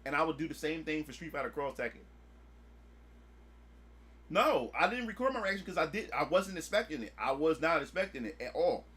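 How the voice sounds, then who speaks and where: A man streaming a casual chat, excitable and swearing freely, acting out his own past reactions. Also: fairly high pitch, brisk. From United States.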